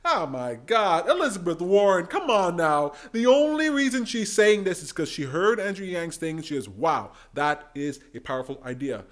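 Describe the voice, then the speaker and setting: A man giving an excitable reaction commentary on a debate clip, mimicking voices, laughing and exclaiming. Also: high voice, moderate pace, hardly any pauses. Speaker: political commentator.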